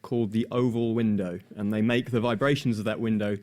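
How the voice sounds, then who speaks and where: A man's voice: fairly low pitch, fairly even intonation, brisk, darkish tone. A man, a guest engineer, explaining step by step in a methodical way. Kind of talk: explaining to an audience.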